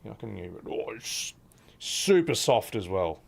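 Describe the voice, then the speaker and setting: Lively man streaming. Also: lowish voice, normal speed, gravelly, husky. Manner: affectionate baby talk to his cat. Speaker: game streamer. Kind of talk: casual stream chat.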